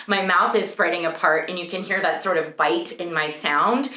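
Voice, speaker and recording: A young woman vocal coach teaching a singing lesson, explaining clearly and breaking into sung vowel demonstrations. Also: lowish voice, steady tone, normal speed, hardly any pauses, sharp tone, roomy sound.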